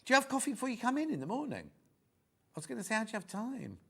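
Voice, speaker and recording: A man's voice: very high-pitched, wildly swooping pitch, fast, creaky, slightly rough. A British man presenting a live sewing shopping show, chatty and teasing as he reads out prices and viewer messages in a TV studio.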